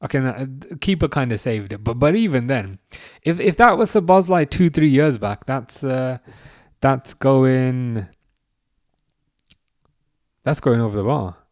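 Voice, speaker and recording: A young man hosts a live football watchalong, chatting casually and reading viewers' messages aloud. He erupts at near misses, then settles back into relaxed chatter. The sound is close and dry, with no room echo. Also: mid-range voice, measured pace. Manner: excitable outbursts at chances, chatty asides. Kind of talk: live match reaction and chat reading.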